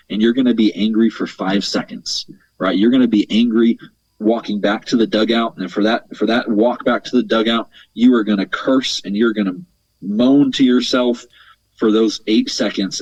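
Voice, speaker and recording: A man's voice: lowish voice, a little mellow, husky, no echo. A man speaking as a mental performance coach on an interview podcast, explaining earnestly at length, repeating words as he thinks and tagging points with "right?". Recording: dull lo-fi sound, dry.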